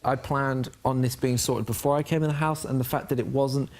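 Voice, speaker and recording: A man's voice: mid-range voice, fairly even intonation, brisk, a little mellow. A man in a casual heart-to-heart chat, earnest and a bit hesitant as he opens up. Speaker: housemate.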